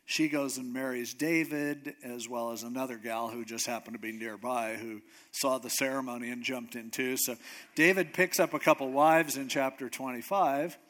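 A man preaching a sermon, retelling a scripture story in a relaxed, conversational and animated way. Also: medium pitch, moderate pace. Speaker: pastor.

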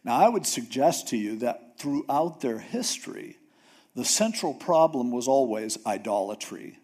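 A man's voice: mid-range voice, animated, unhurried, a little mellow, husky. A man preaching a casual sermon in a conversational way, often acting out biblical figures. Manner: conversational, acts out Bible figures.

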